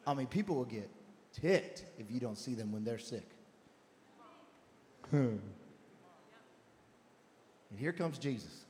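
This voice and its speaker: A man preaching a sermon as pastor, telling a Bible story in chatty modern voices and rising to shouted passages. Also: medium pitch, lively intonation, takes it slowly, long pauses, slight background noise. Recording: long hall reverb.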